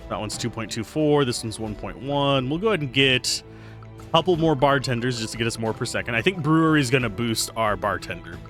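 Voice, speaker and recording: Bright-voiced man thinking aloud over gameplay. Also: mid-range voice, lively intonation, brisk, soft background music. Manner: musing, analytical, thinking aloud. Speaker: game reviewer, let's player. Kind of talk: casual gameplay commentary.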